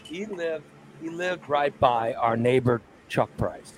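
A man's voice: medium pitch, slow pace, background noise. A man on a morning talk show telling a long, rambling story in casual, crude language. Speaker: radio show co-host. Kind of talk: casual chat.

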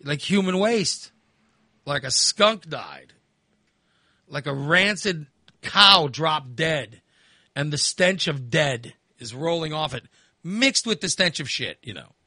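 Male talk host, sharp bright tone, crude and exasperated, dead-dry studio sound. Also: on the high side, takes it slowly, no echo. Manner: animated, crude, swearing, exasperated. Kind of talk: casual storytelling chat.

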